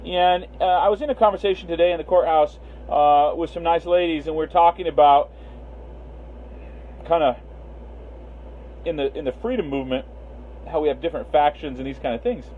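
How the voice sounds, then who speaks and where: A man's voice: a little high, moderate pace, long pauses. A man hosting a casual livestream, rambling with many fillers and greeting viewers by name. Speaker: livestream host. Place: Las Vegas. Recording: tinny phone-line sound, faint hiss.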